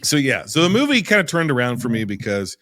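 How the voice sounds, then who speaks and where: A man hosting a casual film podcast, talking in halting restarts and swearing casually. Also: mid-range voice, very animated, a bit bright, no room sound, studio quality. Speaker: podcast host. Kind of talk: casual film-ranking chat.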